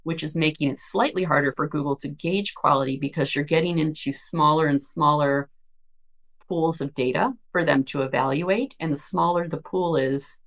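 Low-voiced woman explaining. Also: moderate pace. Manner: thoughtful, explains at length with restarts. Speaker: podcast co-host. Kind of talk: casual discussion of search marketing news.

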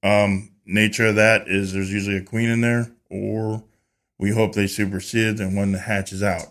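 A podcast guest who keeps bees tells a story in a relaxed, chatty manner, his voice somewhat low and his pace moderate. He puts on lively voices for quoted dialogue and frequently restarts or repeats words.

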